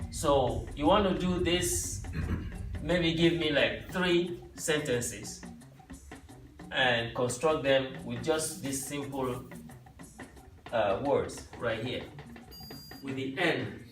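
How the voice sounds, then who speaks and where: In an echoey room with the mic far off and music in the background, a man teaches a youth language class. His mid-range voice is slow, with long pauses, as he patiently walks students through simple phrases and often checks in with "right?"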